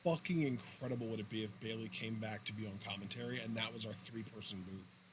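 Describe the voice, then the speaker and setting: A man's voice: lowish voice, fast talker, slight background noise. A young man co-hosting a wrestling podcast, talking bluntly and heatedly with lots of swearing. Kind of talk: casual profane chat.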